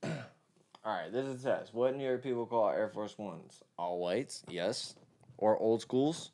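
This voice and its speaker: A man's voice: on the low side, a little slow, warm tone. A young man with a New York accent who mixes songs and chats loosely with viewers on a live stream, swearing freely. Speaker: mixing engineer streaming live. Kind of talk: casual livestream chat.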